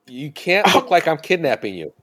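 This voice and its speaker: A man in his thirties tells a story as a podcast guest, laughing often. His voice sits a little high and swings widely in pitch. His delivery is lively and chatty. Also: normal speed. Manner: animated, laughing anecdote telling. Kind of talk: casual storytelling chat.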